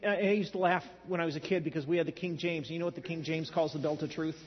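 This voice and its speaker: A man's voice: fairly high pitch, steady tone, fast, few pauses, slight background noise. A middle-aged man preaching a sermon, telling stories in a conversational way with dry humor. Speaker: pastor. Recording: dull lo-fi sound in a large hall.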